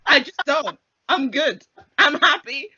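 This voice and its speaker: A woman's voice: sits high, measured pace, very noisy. A young woman, co-hosting a casual chat and telling stories with acted-out exchanges. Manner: animated storytelling, acting out quoted exchanges. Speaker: podcast co-host. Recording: dull lo-fi sound.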